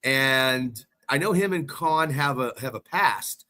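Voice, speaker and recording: A man co-hosting a casual sports podcast, talking in an excitable, rambling way and swearing freely. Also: mid-range voice, slow. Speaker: podcast co-host.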